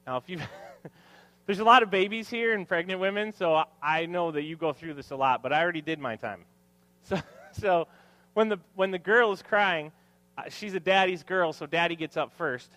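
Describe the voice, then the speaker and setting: A man's voice: sits high, moderate pace, pushed and bright, no echo. A man in his thirties preaching a sermon to his congregation, mixing scripture with joking, self-deprecating family stories. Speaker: pastor. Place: church hall with congregation.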